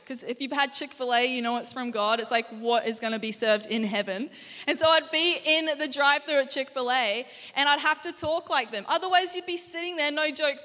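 A woman's voice: high voice, bright, forceful tone, long reverb tail. A young Australian woman giving a conversational sermon in a church, joking and quizzing the congregation. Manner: chatty, jokey, quizzes the congregation. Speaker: guest preacher. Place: church auditorium.

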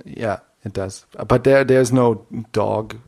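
A man's voice: fairly low pitch, steady tone, slow, vocal fry, a little mellow. A man co-hosting a podcast, chatting in a laid-back way and laughing easily. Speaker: podcast co-host. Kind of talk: casual chat.

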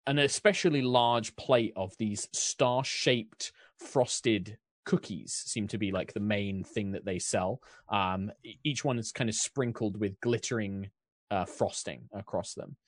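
A man's voice: on the low side, unhurried, no echo, studio quality. A man narrating as dungeon master, describing scenes in a rambling way full of fillers. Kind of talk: narrating a tabletop game.

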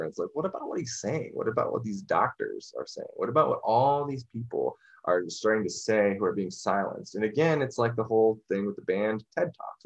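A man's voice: lowish voice, low-quality recording. A man talking in a casual podcast discussion, rambling and restarting, full of "you know".

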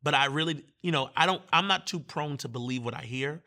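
Speaking a little high and a little fast, this Virginia man, a visiting minister, shares his testimony in lively conversation, performing the voices of the people he quotes.

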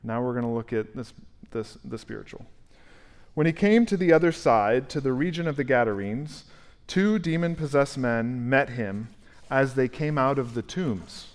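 A male pastor preaching a conversational, animated sermon and asking the congregation questions in a church sanctuary. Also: mid-range voice, normal speed.

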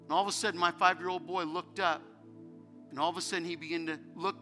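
Man, pastor, sermon, emotional storytelling, high voice, music underneath. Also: fairly even intonation, fast. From United States. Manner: emotional storytelling, rising to fervent preaching. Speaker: pastor, guest speaker.

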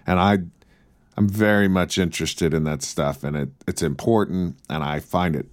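A man's voice: low-pitched, moderate pace, no echo. A man co-hosting a casual chat, telling humorous stories with a dry wit. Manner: dry humorous, storytelling, mock-announcer bits. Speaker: podcast co-host.

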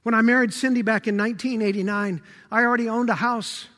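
A pastor preaches with a strikingly high, bright voice, leaning heavily on repeated rhetorical questions as he swells to force and then drops to a hush. He speaks fast with a steady tone, and his words ring with the long reverb of a large hall.

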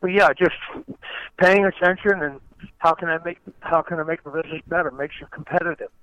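Here the older man's voice sits a little high and comes out brisk. He's a retired race car driver telling stories as a guest, wandering from point to point and restarting phrases often, all captured on dull lo-fi audio.

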